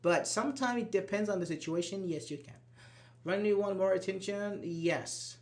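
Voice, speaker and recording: A man's voice: sits high, normal speed. A man teaching an English grammar class, patiently explaining and reading out example sentences, with frequent restarts.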